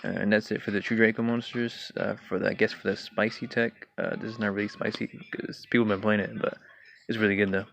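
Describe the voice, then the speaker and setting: A young man casually walking through his card game deck, talking in a relaxed way with many fillers and throat clears. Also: on the low side, fast talker. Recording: dull lo-fi home recording with faint hiss.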